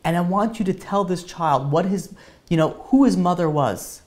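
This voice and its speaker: A man voicing a dying young mother who calmly insists on her choice, speaking softly and steadily. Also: high voice, moderate pace, pitched above the performer's own voice, natural voice. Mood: resolute.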